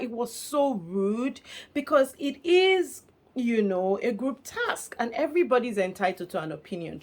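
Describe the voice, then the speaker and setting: Animated woman vlogger recapping reality TV drama. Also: fairly high pitch. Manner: animated and expressive, laughing often. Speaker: reality show commentator. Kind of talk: casual gossipy recap vlog.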